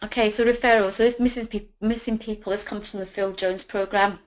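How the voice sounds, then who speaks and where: A woman coaches a group through sales conversation scripts in a loose, chatty way. She keeps dropping in "you know" and acts out sample dialogue as she goes, in a voice of ordinary middle pitch. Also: steady tone, a little fast, rough recording. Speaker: business trainer.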